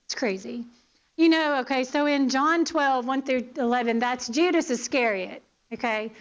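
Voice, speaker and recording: A woman's voice: high-pitched, moderate pace, muffled recording. A woman teaching a Bible lesson in church, earnest, asking her listeners pointed questions and often checking in with "okay?".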